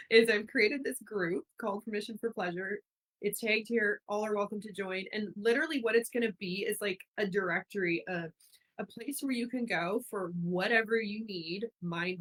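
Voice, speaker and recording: A woman's voice: mid-range voice, moderate pace, a bit bright, poor audio. A woman from Ontario hosting a speaker series, talking in a casual, effusive, rambling way with many fillers and restarts. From Ontario, Canada. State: getting emotional. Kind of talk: casual live-stream monologue.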